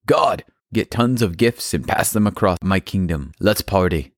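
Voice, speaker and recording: A man plays an easygoing king eager to throw a big party. His voice is very low and dry, in a playful kids' storybook style. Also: lively intonation, unhurried, no room sound. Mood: excited. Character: carefree partying male king.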